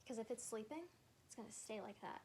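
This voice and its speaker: Chatty high-voiced teen girl vlogging. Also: fairly quick, slight background noise. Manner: chatty and flustered, filler-heavy, bursts into panicked shouts. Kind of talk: casual vlog with a baby simulator.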